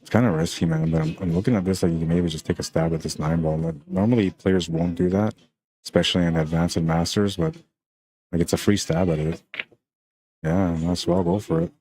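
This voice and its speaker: Low, flat-voiced pool commentator man. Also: fairly quick. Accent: Spanish. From Canada. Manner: laid-back, chatty, peppered with "man" and "like". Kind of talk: casual live-stream commentary.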